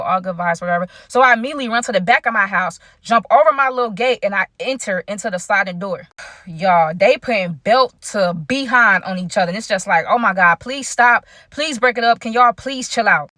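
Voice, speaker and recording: A woman telling a story in a casual, animated vlog style, chatting straight to her viewers. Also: on the high side, dry recording, clean studio sound. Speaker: storytime vlogger.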